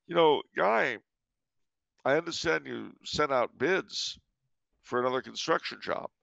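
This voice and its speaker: A man's voice: medium pitch, lively intonation, measured pace, creaky, a bit bright, no room sound, lo-fi sound, voice pushed up, exaggerated voice. A man voicing a crooked contractor who presses with a wheedling, aggrieved manner. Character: grasping male contractor, pushy then pleading.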